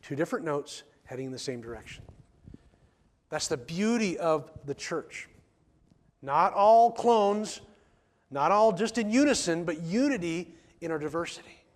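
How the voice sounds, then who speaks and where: A man's voice: on the high side, expressive, unhurried, pauses often. A man preaching a sermon in church, emphatic, repeating key phrases and asking the congregation rhetorical questions. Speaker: pastor.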